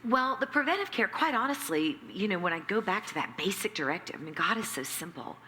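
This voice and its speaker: A woman who runs a nonprofit, telling her story in an interview with lively acted-out quotes and emphatic repetition. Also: mid-range voice, fairly quick. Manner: animated, acts out quoted dialogue, emphatic repetition. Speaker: nonprofit CEO, interview guest. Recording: echoey hall with faint background noise.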